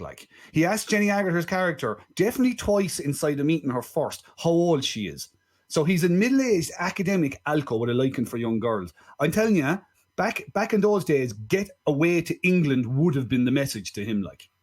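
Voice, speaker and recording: A man with an Irish accent co-hosting a film podcast, talking in an animated, swearing way with lots of rhetorical asides. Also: a little high, fairly quick, husky. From Ireland. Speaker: podcast co-host. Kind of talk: casual film-review chat.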